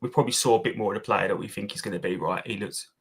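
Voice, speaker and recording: A man's voice: lowish voice, rapid-fire, slightly rough. A man co-hosting a casual fan podcast, giving blunt opinions, swearing and calling his co-host mate. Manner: blunt, matey, swearing, says mate a lot.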